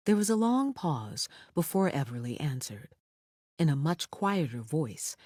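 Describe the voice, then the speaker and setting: Audiobook narrator, thriller, lively pitch, dry close studio sound. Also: a little slow, dry recording.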